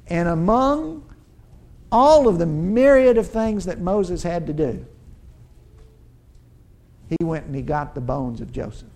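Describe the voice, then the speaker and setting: A man preaching a sermon, pausing for emphasis and building to urgent, rising lines, often restarting and repeating words as he works toward a point. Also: fairly high pitch, animated, dark tone. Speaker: pastor.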